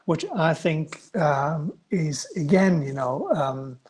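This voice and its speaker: Male guest lecturer on a video call, husky tone, hesitant answers with lots of restarts. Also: fairly high pitch, slow, darkish tone. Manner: hesitant, many restarts and fillers. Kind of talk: answering student questions in an online lecture.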